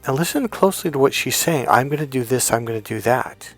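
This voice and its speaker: Animated man telling a dating story. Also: a little fast, soft background music. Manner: animated storyteller, high-pitched when quoting his girlfriend. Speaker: dating coach. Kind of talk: storytelling monologue.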